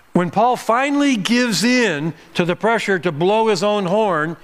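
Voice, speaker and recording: A man's voice: high voice, expressive, unhurried, few pauses, a little hiss or hum. A man preaching a sermon as pastor, emphatic, pushing his voice up on key points and sometimes restarting words.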